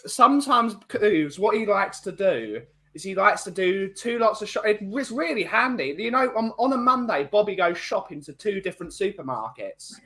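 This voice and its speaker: Bloke hosting a banter podcast, high voice, keeps ribbing his mates. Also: big pitch swings, normal speed, sharp tone. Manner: jokey, teasing. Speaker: podcast host. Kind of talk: casual banter.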